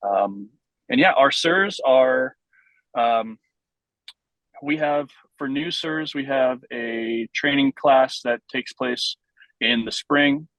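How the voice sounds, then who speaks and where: A man guesting on a podcast, explaining things in a relaxed, casual way with plenty of ums and uhs. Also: mid-range voice, slow, no echo, poor audio. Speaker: vintage base ball club member, guest.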